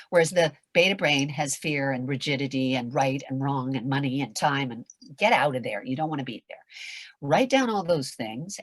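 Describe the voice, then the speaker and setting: An older woman with a raspy, nasal voice, giving a passionate motivational talk as a voice acting coach on a video call, swinging from loud to whispered. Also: very deep voice, dry recording.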